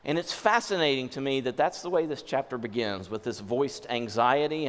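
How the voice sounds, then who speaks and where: A male pastor giving a sermon, going from hushed, gentle lines to forceful ones as he voices scripture. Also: fairly high pitch, big pitch swings, moderate pace, few pauses. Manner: shifts between soft hushed tones and forceful lines when voicing scripture. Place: church sanctuary. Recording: long hall reverb.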